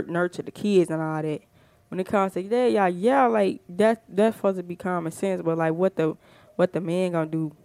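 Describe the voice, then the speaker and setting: Fired-up woman ranting, smooth voice. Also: on the low side, a little mellow, no room sound. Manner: fired-up, emphatic, frequent "you know what I'm saying". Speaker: podcast host. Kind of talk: casual monologue.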